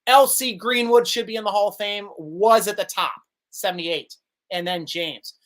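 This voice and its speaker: A man hosting a live sports vidcast, excitable and quick to laugh as he reads viewer comments. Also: high voice. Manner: excitable, laughs often, animated. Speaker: host.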